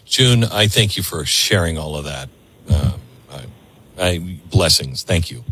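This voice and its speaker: Low husky radio host guy, earnest, lots of up and down in his voice, dry close mic. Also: animated, a little slow, pushed and bright. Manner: earnest, reflective, repeats words when searching for them. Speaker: radio talk show host. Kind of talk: call-in radio talk.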